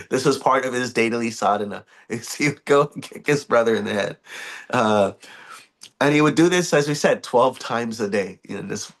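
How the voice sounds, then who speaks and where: A man leading a morning scripture class in a temple, telling stories in an animated, chuckling, loosely phrased way. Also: medium pitch, normal speed. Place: temple hall.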